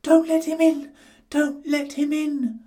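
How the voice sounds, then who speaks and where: A man reading a storybook aloud and voicing the little pig brothers in a high, squeaky falsetto. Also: level tone, slow pace, dark tone. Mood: scared.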